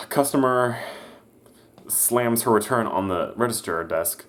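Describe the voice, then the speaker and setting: A man's voice: on the low side, measured pace. A young man casually telling a work story, hesitant, with many restarts and fillers. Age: young adult. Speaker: vlogger.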